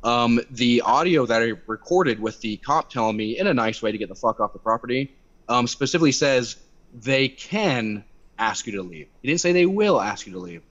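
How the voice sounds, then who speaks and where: A young man tells a story over a video call, animated and swearing freely. He speaks at a middle pitch, and the call audio comes through dull and lo-fi. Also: moderate pace. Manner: animated, swearing, acts out quotes by raising his voice. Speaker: activist guest.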